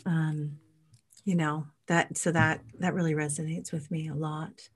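An enthusiastic woman co-host with a slightly low voice, chatting effusively on a podcast. She gushes about what she loves and muses openly about what she plans to do. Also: flat delivery, measured pace, slightly rough. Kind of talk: casual spiritual chat.

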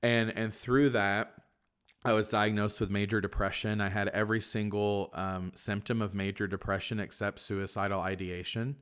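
A young man, a Catholic priest, telling his personal story in a reflective way, with many fillers and soft laughs. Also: lowish voice, flat delivery, moderate pace, clear, resonant tone. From Kentucky, USA. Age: young adult. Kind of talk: personal testimony in conversation.

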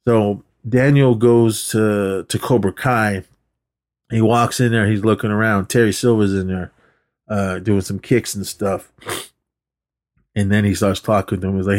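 A man's voice: fairly low pitch, steady tone, measured pace, a little mellow. A man co-hosting a podcast, casually retelling a film scene by scene, swearing freely and acting out the quotes. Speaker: podcast co-host. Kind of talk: casual movie recap chat.

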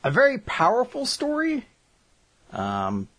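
A man's voice: extremely high pitch, slow pace, slightly rough. A man co-hosting a podcast, chatting casually and joking as he looks back on the series they covered. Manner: jokey, animated, laughs often. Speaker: podcast co-host.

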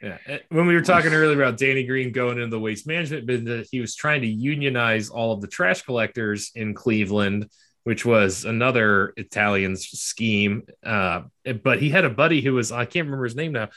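A man with a mid-range voice walks his co-hosts through a film's plot in a casual podcast chat. He talks in quick bursts and laughs often. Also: mid-range voice, bright, forceful tone. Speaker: podcast co-host. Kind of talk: casual movie recap chat.

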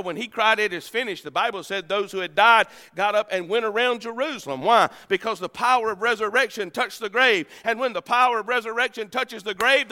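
A male pastor preaching a sermon to a church congregation, with dramatic swings between loud declarations and soft, low lines. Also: in a large hall. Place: church sanctuary.

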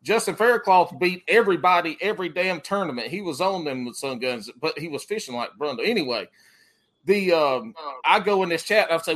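Rambling man, slightly high voice. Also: animated, a bit bright. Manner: rambling, profane, quick to laugh. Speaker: podcast host. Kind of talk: casual chat.

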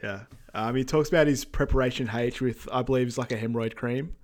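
A man co-hosting a podcast, chatting casually about a film with plenty of fillers and quick agreeing asides. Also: medium pitch. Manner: easygoing, lots of fillers and agreeing interjections. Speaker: podcast co-host. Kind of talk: casual film recap chat.

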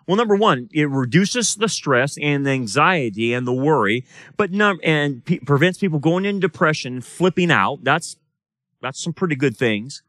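Teaching Bible study as a pastor, this man keeps the sermon casual, questions his class, and performs the voices in any dialogue he quotes, in a church or study room. He sits on the high side, sounding expressive and fairly bright at a normal speed, with no room sound at all.

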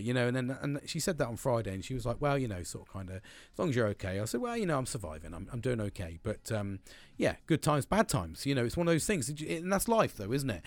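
A man's voice: mid-range voice, big pitch swings, quick pace, few pauses, dry recording. A man talking alone on his podcast in a casual, rambling way, swearing often and restarting his sentences. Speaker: podcast host. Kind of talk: casual personal monologue.

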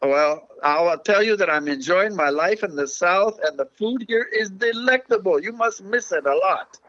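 A man with a notably high voice recalls old memories in a relaxed interview. He tells his story in halting bursts with small restarts. The audio is dull and lo-fi. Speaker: guest, missionary. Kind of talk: casual reminiscing interview.

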